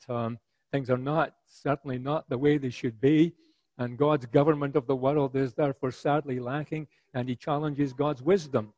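A man preaching an expository sermon, earnest and rhetorical, paraphrasing scripture in a lively voice. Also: medium pitch, no echo, low-quality recording.

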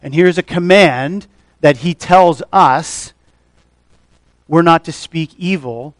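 A male pastor with a somewhat high voice delivers a measured expository sermon. He teaches step by step and pauses often. The sound is dry and close, with little room echo. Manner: measured expository preaching with frequent uh fillers.

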